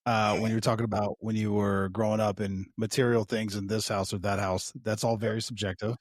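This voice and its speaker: A man's voice: fairly low pitch, little pitch movement, fairly quick, no echo. A man co-hosting a podcast, telling rambling stories in a casual way with some swearing and laughing at his own tales. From United States. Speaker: podcast co-host.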